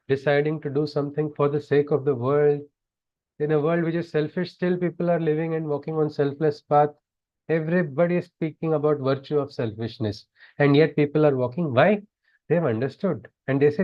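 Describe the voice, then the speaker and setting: A man's voice: on the high side, highs cut off. A man chanting scripture verses and explaining them in an earnest teaching discourse over a video call. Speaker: spiritual teacher.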